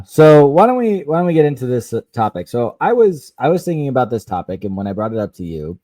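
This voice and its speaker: A man co-hosting a parenting podcast who speaks haltingly and often restarts his sentences. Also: medium pitch, warm tone. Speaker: podcast co-host. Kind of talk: casual chat.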